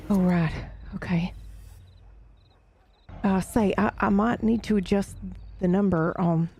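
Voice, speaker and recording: A woman streaming a western role-play game as a paranormal investigator, talking in a nervous, rambling, halting way. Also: mid-range voice, steady tone, mellow, husky.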